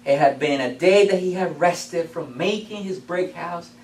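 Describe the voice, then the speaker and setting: A man giving a playful, animated storytelling speech to his club, heard from far off in a meeting room. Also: a little high, unhurried, echoey room, slight background noise. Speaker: club speaker.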